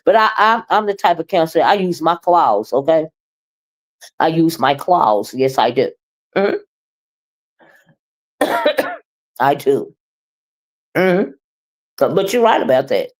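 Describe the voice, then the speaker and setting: A woman's voice: low-pitched, big pitch swings, takes it slowly, pauses often. A middle-aged woman doing casual livestream commentary, blunt and profane, talking straight to her chat.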